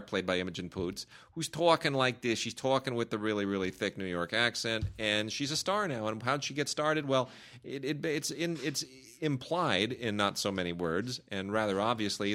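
Man, lowish voice, casual film review chat, enthusiastic, keeps cutting in. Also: a bit bright. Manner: enthusiastic, talks over partner, quick restarts.

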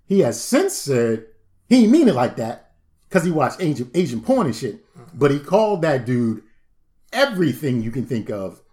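A man co-hosting a podcast in casual chat, animated, profane and joking. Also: mid-range voice, moderate pace. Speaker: podcast co-host.

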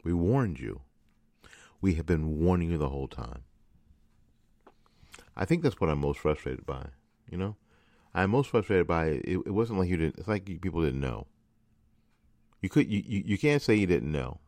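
A man's voice: deep voice, sing-song, normal speed, vocal fry, pauses often, darkish tone, no echo. A man hosting a political commentary show, ranting in an angry, frustrated monologue with lots of repetition. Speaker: radio host.

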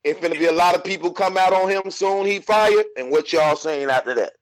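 A man's voice: high-pitched, brisk, rough recording. Insistent man with a raised voice. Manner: insistent, teasing, repeats himself for emphasis. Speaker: podcast co-host. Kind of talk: casual chat about battle rap.

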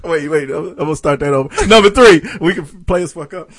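A man co-hosting a podcast, counting down playful joke questions in casual chat with loud laughs. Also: fairly high pitch, fairly quick. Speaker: podcast co-host.

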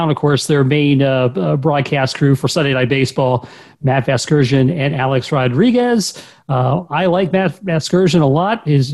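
A man's voice: on the high side, a little mellow. A man hosting casual sports talk, chatty as he leads the segments. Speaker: podcast host.

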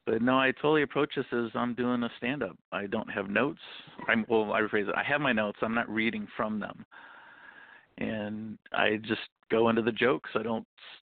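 A man's voice: on the low side, fairly even intonation, normal speed, creaky, no room sound. A man in his thirties, a guest author, talks in a jokey, rambling way during an interview. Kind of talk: interview over the phone. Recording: tinny phone line.

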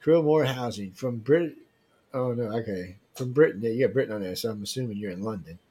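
A man's voice: mid-range voice, quick pace, warm tone, breathy edge. A man hosting a casual livestream giveaway, reading viewer emails aloud and teasing them with loose slang. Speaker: livestream host running a giveaway.

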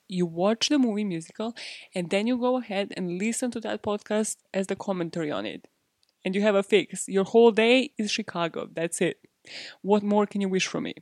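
A woman's voice: mid-range voice, darkish tone, no echo. Female podcast host, casual and self-deprecating, loose with swearing, dry close sound. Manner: chatty, self-mocking, laughs often, swears freely. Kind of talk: casual true-crime podcast chat.

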